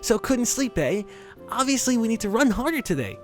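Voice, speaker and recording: A man voicing a peppy, bossy teenage girl runner while reading a visual novel aloud, brisk and cheerfully scolding. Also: very high-pitched, very animated, faint music behind, voice pushed up. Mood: pushy.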